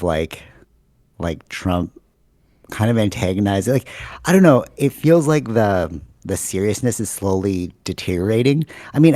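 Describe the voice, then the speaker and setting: Low, dark-voiced man in casual chat. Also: no room sound, studio quality. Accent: Canadian. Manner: animated storytelling, many fillers. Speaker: podcast host.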